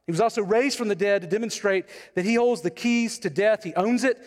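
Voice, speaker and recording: High-voiced pastor in a reverberant hall. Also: male voice, fairly quick. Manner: conversational, asks the congregation questions. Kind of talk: sermon. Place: church sanctuary.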